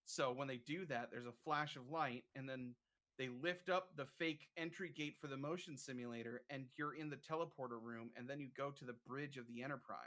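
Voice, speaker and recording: A man's voice: medium pitch, brisk, sharp tone. Man explaining theme park rides. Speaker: streamer guest. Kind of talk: casual chat.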